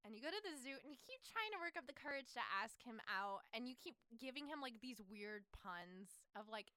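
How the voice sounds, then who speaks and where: High, lively young woman telling a story. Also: a little fast, few pauses, clear, resonant tone, no room sound. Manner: animated storytelling, acting out the characters' lines; swears freely, laughs often. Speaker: podcast co-host. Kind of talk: casual chat.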